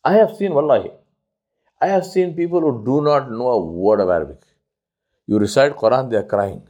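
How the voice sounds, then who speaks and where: A man's voice: animated, lo-fi sound. Emphatic male Islamic lecturer. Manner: emphatic and repetitive, swinging between loud high stresses and low quiet asides; slows to stress key phrases. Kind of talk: religious talk on outreach.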